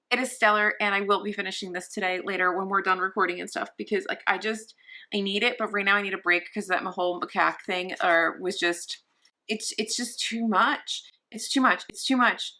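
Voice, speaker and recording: A woman's voice: mid-range voice, sharp tone. A young woman vlogging casually from her sofa at home, rambling and gushing with many restarts. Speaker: book vlogger. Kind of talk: casual vlog chat.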